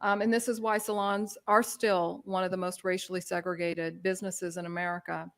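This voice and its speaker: A woman's voice: fairly low pitch, level tone, fairly quick. A woman giving a conversational talk as presenter, loose and informal, with frequent filler phrases. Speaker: presenter on hair culture. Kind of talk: conversational lecture.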